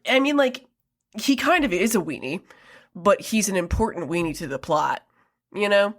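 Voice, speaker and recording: A woman's voice: mid-range voice, animated, moderate pace. A young adult woman co-hosting a casual film review podcast, chatty, laughing often, with many ums and likes. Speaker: podcast co-host.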